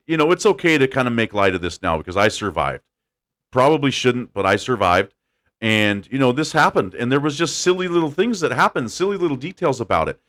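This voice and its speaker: A man hosting a podcast, telling a story in a casual, animated way and laughing as he goes. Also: lowish voice. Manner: animated, laughing storyteller doing quick voices. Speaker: podcast host.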